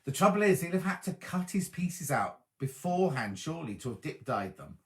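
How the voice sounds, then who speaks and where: Chatting on a casual live stream, a man reads viewer comments aloud and answers them. His fairly high voice is sing-song and a little fast.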